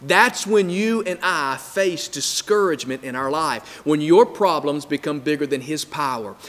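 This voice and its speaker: A man's voice: on the high side, a little slow, fairly bright tone. A male pastor preaching a sermon in an emphatic, repetitive rhythm, speaking in a church hall. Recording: long hall reverb.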